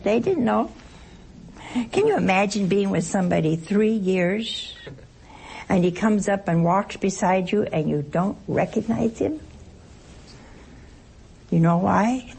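A woman's voice: medium pitch, creaky, darkish tone, slight background noise. A woman giving an informal sermon as a Bible teacher, throwing rhetorical questions and joking asides at her listeners.

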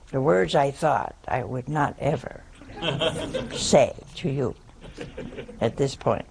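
Slow, gravelly older woman storyteller. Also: sits low, darkish tone, a little hiss or hum. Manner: slow, wry, deliberate telling. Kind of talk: personal storytelling.

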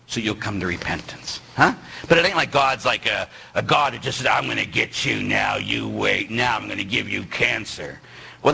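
Animated husky-voiced male preacher. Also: medium pitch, poor audio. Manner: animated, teasing, acts out quoted voices. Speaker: Catholic priest. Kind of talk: lively sermon.

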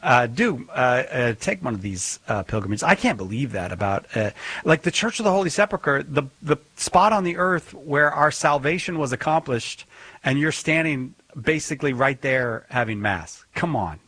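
Male talk-radio host who speaks haltingly with lots of fillers, recorded dry and close. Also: medium pitch, animated, pushed and bright, no room sound. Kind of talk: radio call-in show.

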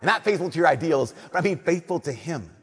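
A young man, a Catholic priest, giving an earnest, conversational homily that drops to soft emphasis. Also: on the high side, expressive, fast talker, husky. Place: church. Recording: long church reverb.

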